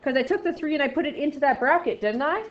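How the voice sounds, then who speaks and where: A woman's voice: sits high, fast. Playful woman teaching math in an echoey room. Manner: playful, exaggerated, jokey asides. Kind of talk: classroom math lesson. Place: classroom. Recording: echoey classroom, dull lo-fi sound.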